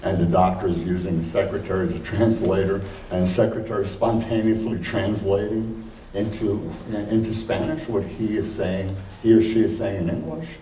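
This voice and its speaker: Male conference speaker, low warm tone, talks off the cuff, heard from afar in an echoing hall. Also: fairly even intonation. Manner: conversational, many fillers, slows to stress points. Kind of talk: conference lecture. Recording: roomy hall, distant mic, faint noise.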